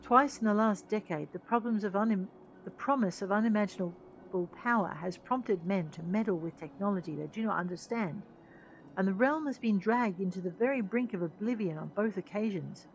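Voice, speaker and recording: A woman voicing a stern male engineer chief in a game, lecturing his men slowly and firmly. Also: medium pitch, a little hiss or hum, lightly acted. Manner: firm, lecturing, deliberate. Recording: dull lo-fi sound.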